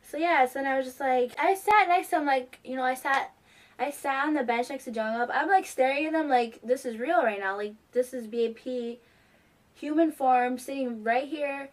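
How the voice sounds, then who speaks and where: A young woman telling an excited, rambling story to camera, filled with "like". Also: high-pitched, normal speed. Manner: excitable, heavy use of "like". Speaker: fan vlogger. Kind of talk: casual storytelling.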